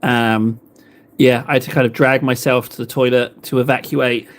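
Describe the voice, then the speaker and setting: A man's voice: mid-range voice, flat delivery, normal speed. An English man in his thirties, chatting casually with viewers on a livestream in a rambling, playful way, full of rhetorical questions. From England. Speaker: livestream host painting miniatures.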